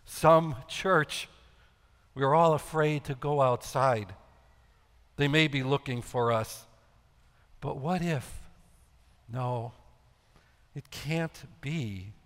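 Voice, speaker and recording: A man's voice: mid-range voice, a bit bright. A man playing Simon Peter, anxious and guilt-ridden. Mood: regretful. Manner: agitated, halting, self-reproaching questions. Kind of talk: dramatic monologue. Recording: echoey hall with long reverb.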